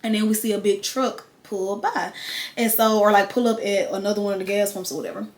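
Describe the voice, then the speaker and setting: A young female vlogger with a medium-pitched voice briskly tells her viewers a storytime tale. Her chatty, animated retelling is full of quoted voices.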